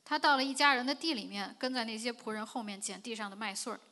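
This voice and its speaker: Female interpreter with a bright, forceful voice, rendering the sermon at a fast clip. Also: on the high side. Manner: quick, with fillers.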